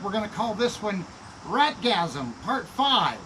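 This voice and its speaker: A man's voice: high voice, very animated, takes it slowly, bright, forceful tone. Laid back garage guy, jokey, swears a bit, bouncy voice, noisy shop behind him. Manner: joking, easygoing, swears casually. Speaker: garage channel host. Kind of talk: casual workshop vlog. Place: small home garage.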